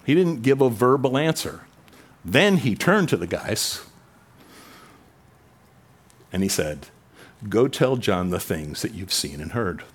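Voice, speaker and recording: A man with a fairly low voice preaching an expository sermon in a relaxed, conversational way. He asks rhetorical questions, jumps up in pitch for emphasis and sinks soft and low for quoted lines. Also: measured pace. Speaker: pastor.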